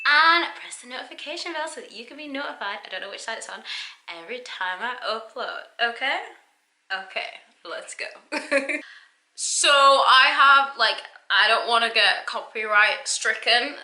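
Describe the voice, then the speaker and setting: A young woman talking through a casual reaction vlog, chatty and animated, often breaking off mid-thought. Her voice is very bright and cutting, and it echoes around the room she records in. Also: mid-range voice. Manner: chatty, self-interrupting, animated. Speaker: YouTuber.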